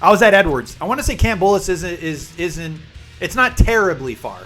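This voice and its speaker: High-voiced chatty male streamer. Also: animated, normal speed, fairly bright tone, faint music behind. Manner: chatty, rambling storyteller who explains jargon. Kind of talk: casual live-stream chat and storytelling.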